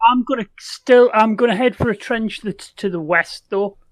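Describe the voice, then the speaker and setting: A man's voice: high-pitched, moderate pace, dry recording. A middle-aged man playing a tabletop game, blunt and eager. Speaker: player.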